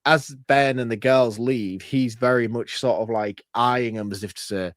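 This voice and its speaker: A middle-aged British man, co-hosting a podcast, chatting casually and thinking his points through out loud. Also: mid-range voice, moderate pace, no echo, clean studio sound. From Britain. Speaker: podcast co-host. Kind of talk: casual chat.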